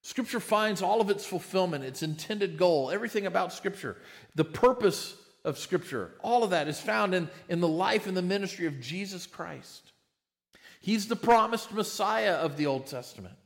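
Male pastor, slightly higher voice, emphatic sermon delivery with stumbling restarts. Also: animated, moderate pace, vocal fry. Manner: emphatic, repeats words when starting phrases.

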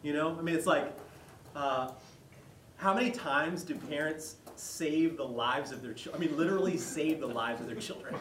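A male pastor giving a conversational sermon, retelling a story with lively quoted voices. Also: a little high, moderate pace, slight background noise. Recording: echoey hall, mic far off.

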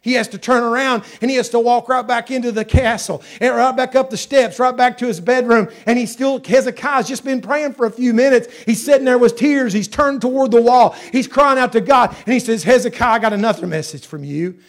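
High-voiced man preaching emphatically. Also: steady tone, a little fast, hardly any pauses. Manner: emphatic, repeats phrases, swings loud and soft. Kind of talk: sermon.

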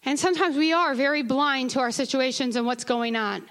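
A woman's voice: high-pitched, brisk, fairly bright tone, clear, resonant tone. A woman preaching a sermon in church, moving from conversational asides with the congregation to impassioned calls. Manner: rises to impassioned crying out. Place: church sanctuary.

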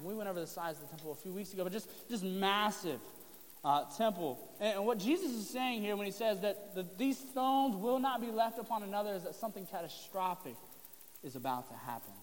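High-voiced man preaching in a hall. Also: a little mellow. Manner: conversational, joking asides to the congregation. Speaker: pastor. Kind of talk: sermon. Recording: long reverb of a hall.

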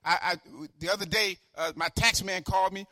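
Older male pastor, fiery repetitive sermon delivery, high bright voice. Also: fairly even intonation, a little fast, dry recording, clean studio sound. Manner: fervent preaching, swings from shouting to quiet asides; repeats phrases for emphasis.

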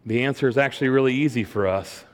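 A man's voice: medium pitch, fast. A middle-aged man preaching a sermon and telling a personal story in an earnest way, often repeating words as he starts a phrase. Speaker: pastor. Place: church sanctuary. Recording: long hall reverb.

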